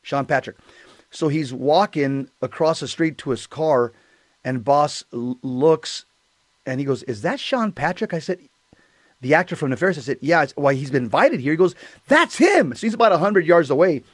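A man in casual chat who clears his throat often and fills pauses while recounting an encounter. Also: fairly high pitch, animated, dry recording. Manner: conversational, frequent throat clearing and fillers. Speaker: co-host.

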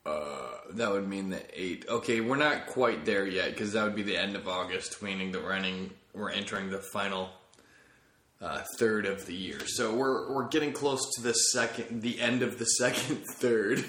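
A man's voice: fairly low pitch, normal speed, fairly bright tone, reverberant. A man hosting his own comedy podcast, rambling and correcting himself as he jokes along. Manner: rambling, self-correcting, jokey. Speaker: podcast host.

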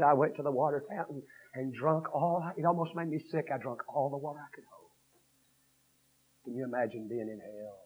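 A man preaching a revival sermon, swinging from hushed storytelling to shouted 'uh'-punctuated cadences. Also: medium pitch, steady tone, a little fast, husky. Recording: dull lo-fi sermon recording.

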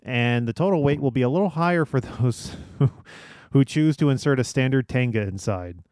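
A man's voice: mid-range voice, expressive, moderate pace, darkish tone, no room sound. Dry-voiced man reading news items. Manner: reads out article details with joking asides. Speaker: podcast host reading news. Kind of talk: casual chat.

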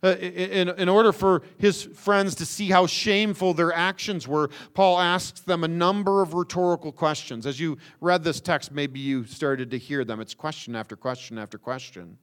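A man preaching a sermon, stressing words with slow emphasis and rhetorical questions. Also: on the high side, a bit bright, smooth. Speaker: pastor.

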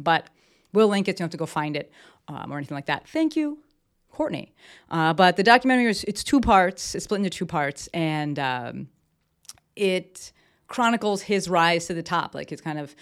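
A woman hosting a casual solo podcast from her desk, talking enthusiastically and rambling with lots of fillers and restarts. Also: low-pitched. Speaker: podcast host. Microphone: desk mic with camera.

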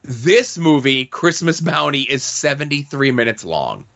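A man's voice: mid-range voice, very animated, measured pace, gravelly, fairly bright tone, muffled recording. A man hosting a casual movie review chat, sarcastic and rambling, full of "like" and "okay?" asides. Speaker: podcast host.

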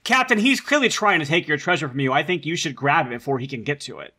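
A man's voice: on the high side, lively intonation, fast, pushed and bright. A man playing a sly scheming woman pirate. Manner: smooth persuasive plotting.

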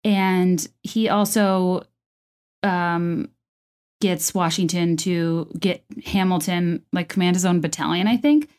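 A woman's voice: on the low side, slow pace, darkish tone, clean tone. A woman talking casually at home, enthusiastic and chatty, with lots of fillers and restarts. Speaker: video creator discussing a musical. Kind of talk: casual commentary.

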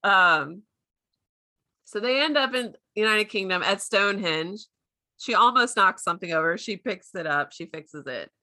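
A woman's voice: mid-range voice, animated, normal speed, bright, forceful tone, dry recording, studio quality. A woman in her thirties, co-hosting a casual recap chat, chatty and laughing often as she quotes characters in silly voices. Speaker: podcast co-host recapping a show.

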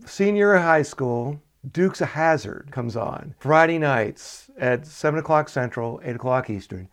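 Southern American man, slightly high voice. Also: expressive, a little slow. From Southern United States. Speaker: podcast host. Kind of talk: casual interview chat.

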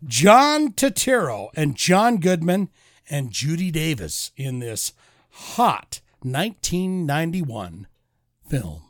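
Man, podcast co-host, rambling jokey banter, rather high voice, dry close sound. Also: sing-song, slow, no echo. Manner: joking, rambling, puts on mock accents.

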